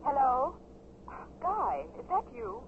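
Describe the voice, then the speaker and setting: Soft caring girlfriend, old muffled radio, bit of hiss. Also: sits high, huge pitch swings, takes it slowly, creaky, exaggerated voice. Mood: soothing. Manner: gentle, soothing. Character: loving, anxious young fiancée. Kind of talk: 1950s radio drama acting. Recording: muffled, hissy 1950s radio broadcast.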